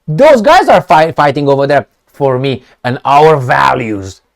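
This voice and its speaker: A man's voice: medium pitch, expressive, unhurried, gravelly. A man, a political commentator, ranting sarcastically and profanely while firing rhetorical questions.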